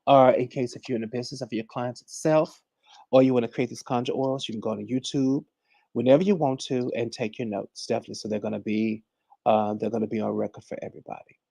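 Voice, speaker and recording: Calling everyone honey and greeting viewers by name, a livestream host who teaches conjure chats and teaches in a casual stream. He talks fast in a steady tone at medium pitch, his voice creaky and mellow. There's no echo.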